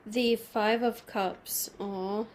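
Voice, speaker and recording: A woman reads tarot cards to her viewers in a soft, consoling voice that sounds close to tears. She slows down when she names a card, and faint noise sits under her voice. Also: medium pitch, fairly even intonation. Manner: soft, emotional, reassuring, slow at card pulls. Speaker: tarot reader. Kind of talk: intimate tarot reading to camera.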